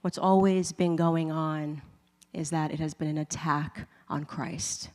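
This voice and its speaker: A lower-pitched woman from the United States tells a personal faith story in a loose, conversational way, with plenty of "like" and light laughs between lines. Her voice carries a long reverb, as if heard in a large hall. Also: steady tone, unhurried, a little mellow. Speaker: speaker giving a faith testimony.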